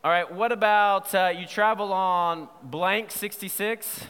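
A man preaching a sermon in a playful, lively way, quizzing his audience as he goes. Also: sits high, unhurried, smooth, in a large hall. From Southern United States. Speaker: pastor.

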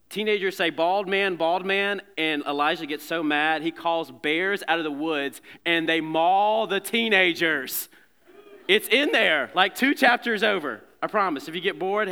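With a long hall reverb around him, a pastor preaches to a congregation conversationally, slipping in joking asides between scripture readings. His male voice is fairly high, bright, and forceful yet clean in tone.

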